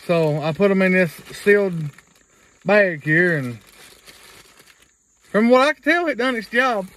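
A man's voice: high voice, lively intonation, unhurried, fairly bright tone, low-quality recording. A man, rambling through a casual video blog in a folksy way and repeating himself. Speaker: vlogger.

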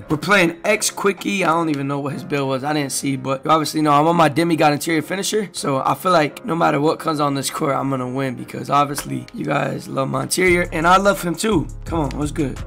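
Young male gaming YouTuber, high-pitched, hyped and loud, shouts at the game. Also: vocal fry. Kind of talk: gameplay commentary.

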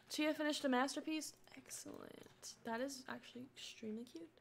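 A woman's voice: on the high side, moderate pace, fairly bright tone, soft background music. A young woman streaming a life-sim game, chatting and coaxing her characters along with frequent laughs. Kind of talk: casual gameplay commentary.

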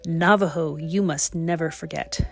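A woman reads a kind old grandfather in a picture book, talking softly and steadily, a little low in pitch. he sounds patient and wise as he tells his memories. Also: normal speed, vocal fry, slight background noise. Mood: stern. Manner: gentle, steady storytelling.

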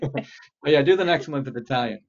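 A man leads a webinar as a therapist, coaching his listeners through an exercise with steady encouragement. His voice carries a gravelly rasp, and the audio is dull and lo-fi, as from a video call. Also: mid-range voice, brisk.

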